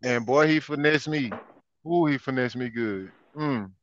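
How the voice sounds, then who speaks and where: A man telling a story in casual chat, animated and repeating his phrases, laughing as he goes. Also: mid-range voice, a little slow, slight background noise. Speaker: guest. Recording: dull lo-fi sound, dry.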